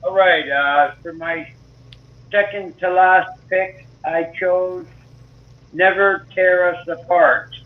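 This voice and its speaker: A man on a casual music panel, speaking in a hesitant, drawn-out way. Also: high-pitched, fairly even intonation. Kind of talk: casual chat. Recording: tinny, echoey phone-like line.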